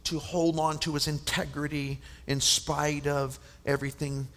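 Gravelly preacher man in an echoing hall. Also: on the high side, little pitch movement, measured pace. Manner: impassioned, frequent stammered restarts, drops to hushed whispers. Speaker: preacher at a men's conference. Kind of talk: sermon. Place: large conference hall. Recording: long reverb of a large hall.

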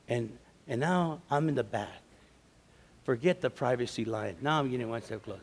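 A man's voice: medium pitch, normal speed, husky. Man preaching in a reverberant hall. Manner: conversational, building to loud emphatic preaching. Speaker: conference speaker. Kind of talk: storytelling sermon. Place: men's conference hall. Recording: long reverb of a large hall.

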